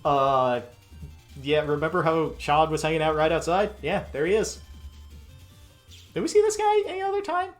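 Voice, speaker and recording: A man's voice: fairly high pitch, animated, normal speed, pauses often. A man giving casual commentary over gameplay, chatty and playful. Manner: chatty, reads game lines in playful voices. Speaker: let's play commentator. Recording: faint game music behind.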